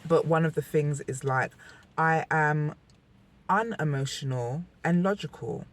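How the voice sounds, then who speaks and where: A woman's voice: low-pitched, a little slow, a little hiss or hum. A young woman talking candidly to camera in a personal vlog, emotional and rambling, often restarting her sentences. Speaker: vlogger.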